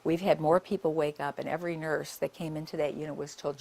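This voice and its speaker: A woman's voice: deep voice, steady tone, fast talker, vocal fry, mellow. An older woman, a nurse, giving a public talk and telling her stories in a conversational way with many asides.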